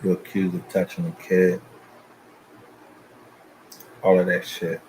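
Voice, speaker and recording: Deep-voiced guy ranting at his viewers, cussing, a bit of hiss behind him. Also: completely flat delivery, slow, a little mellow, poor audio. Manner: loose, profane, confrontational. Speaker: channel host. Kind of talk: casual rant to viewers.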